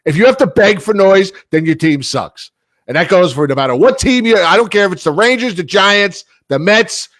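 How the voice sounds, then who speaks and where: A man rants about a game on his sports podcast, swearing freely and getting worked up. His voice sits a bit high and bright, leaping around in pitch, and the sound is dry and close. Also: normal speed, no room sound. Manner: animated ranting with profanity. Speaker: podcast co-host. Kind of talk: casual chat.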